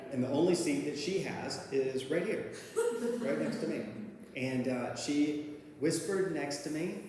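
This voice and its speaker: A fairly high-pitched man takes his time, speaking unhurriedly against a noisy background. He laughs at his own recovery story while telling it in a casual, rambling style full of fillers and restarts. Long reverb from a very echoey hall surrounds his voice.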